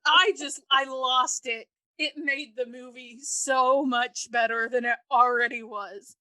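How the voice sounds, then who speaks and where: A woman co-hosting a podcast, telling stories in an animated, casual way. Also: sits high, slow pace, dry recording. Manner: animated storyteller. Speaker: podcast co-host.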